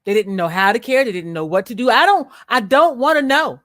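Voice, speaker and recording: A woman hosting a livestream, speaking bluntly and with profanity as she rants at viewers, slowing down to stress her words. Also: a little high, animated, fairly bright tone, no echo, studio quality. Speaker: livestream host. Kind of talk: unscripted livestream commentary.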